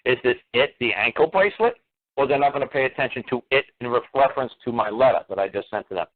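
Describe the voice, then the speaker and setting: A man's voice: mid-range voice, fast talker. Combative man firing rhetorical questions. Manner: blunt, swears. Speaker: radio talk show host. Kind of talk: lecturing on a call-in radio show. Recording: tinny phone-line radio audio.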